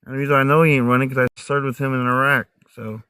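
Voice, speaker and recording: A man's voice: medium pitch, little pitch movement, fast talker, pushed and bright, smooth, dry recording. Chatty man with a mixed American accent. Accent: mixed American, Midwestern, Southern and Northern. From United States, raised in many states. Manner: chatty, talks straight to viewers, laughs a lot. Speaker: livestream host. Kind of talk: casual livestream chat. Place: woods at night, outdoors.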